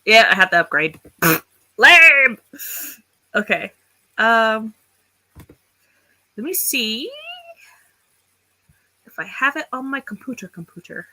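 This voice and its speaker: Slow-talking, bright-voiced woman streamer. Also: a little high, lively intonation, poor audio. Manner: chatty, thinks aloud, reads writing aloud. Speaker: livestream host of writing sprints. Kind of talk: casual livestream chat.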